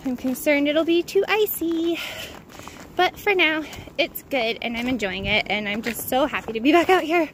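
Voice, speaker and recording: A woman's voice: high voice, lively intonation, normal speed. A young woman vlogging as she hikes a snowy mountain trail, gushing and laughing as she talks to her viewers. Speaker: thru-hiker vlogger. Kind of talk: casual trail vlog. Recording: wind and outdoor noise. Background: wind noise.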